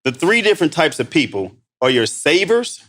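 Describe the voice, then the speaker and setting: A man from Missouri, a podcast guest telling stories in a casual, animated way and calling the host bro. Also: a little high, normal speed. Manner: animated, says bro a lot. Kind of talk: casual storytelling.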